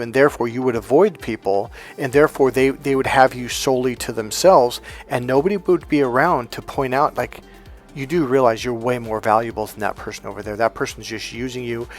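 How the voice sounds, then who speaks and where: A man speaks as a motivational coach. He has a mid-range voice and tells personal stories with emphasis, often asking rhetorical questions. Soft music plays quietly behind him. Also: mid-range voice. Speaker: relationship and healing coach. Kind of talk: motivational talk to camera.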